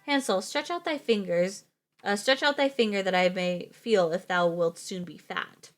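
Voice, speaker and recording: Woman reading a wicked old witch, storybook tale, mocking and gloating, mid-pitched. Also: moderate pace, faint music behind, natural voice. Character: wicked old witch who eats children.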